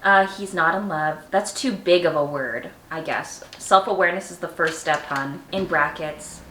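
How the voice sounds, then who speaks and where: A woman's voice: low-pitched, moderate pace, pushed and bright, reverberant, slight background noise. A woman in her twenties telling funny personal stories at home in casual vlog chat, candid and self-mocking, laughing often. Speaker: vlogger.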